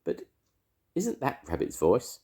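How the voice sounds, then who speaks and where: An older man voicing a gentle, simple-minded, greedy male bear in a storybook, innocent and earnest. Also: mid-range voice, huge pitch swings, slow pace, pitched above the performer's own voice.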